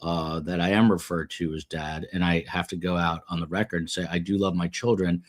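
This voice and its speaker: A man's voice: low-pitched, little pitch movement, a little fast. A middle-aged man hosting a live stream, reading chat comments aloud in a rambling, self-deprecating way with many fillers.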